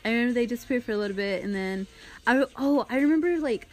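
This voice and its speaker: A woman's voice: on the high side, lively intonation, very fast, faint music behind. A young woman telling a story in casual chat, laughing often and using lots of filler words and swearing.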